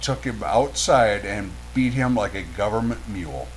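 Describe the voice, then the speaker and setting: A man co-hosting a casual chat, gruff and tough-talking with deadpan delivery. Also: fairly low pitch, normal speed, a little hiss or hum, poor audio. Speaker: co-host.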